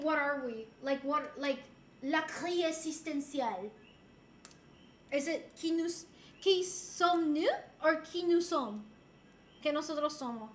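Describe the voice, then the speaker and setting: A streamer from Puerto Rico, a woman whose voice sits high and a bit bright, reads viewer messages in casual chat, with slight background noise behind her. She's playful and giggly and tosses in Spanish and French phrases.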